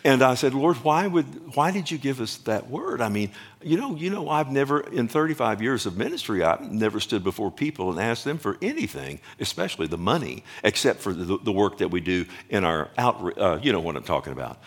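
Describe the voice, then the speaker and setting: A middle-aged man preaching a sermon as a pastor, talking loosely with restarts, often checking with the congregation, and building up louder and higher as he goes. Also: very animated, fairly quick. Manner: rambling, repeats himself, asks the congregation "amen?".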